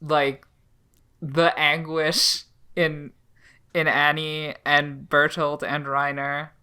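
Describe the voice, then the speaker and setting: A woman co-hosting a podcast in casual, animated chat, laughing often and using many fillers. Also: low-pitched, extremely slow, clear, resonant tone. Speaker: podcast co-host.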